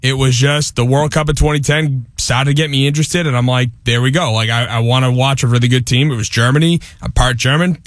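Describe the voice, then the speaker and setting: A man with a Boston accent, co-hosting a radio show in relaxed, defensive banter. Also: mid-range voice, brisk, hardly any pauses, no echo, studio quality. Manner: laid-back, defensive, chuckles often. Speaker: radio co-host. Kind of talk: casual studio banter. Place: radio studio.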